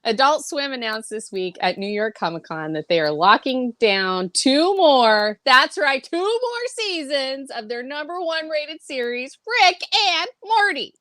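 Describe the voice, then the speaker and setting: A woman's voice: high-pitched, very animated, measured pace, hardly any pauses, fairly bright tone, no echo, studio quality. A woman co-hosting a casual podcast, reading news aloud, teasing her co-host and laughing often.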